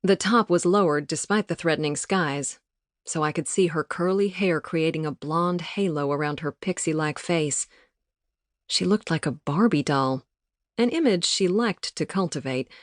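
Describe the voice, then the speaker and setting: A woman reading a novel aloud as an audiobook narrator, in a measured storytelling manner, recorded close in a booth. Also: low-pitched, dry recording. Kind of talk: scripted narration. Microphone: studio mic, close.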